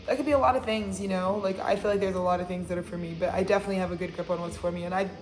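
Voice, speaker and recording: A woman's voice: lowish voice, steady tone, rapid-fire, reverberant, soft background music. Swearing, rambling tarot reader woman. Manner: rambling, blunt, swears freely. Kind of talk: casual astrology reading.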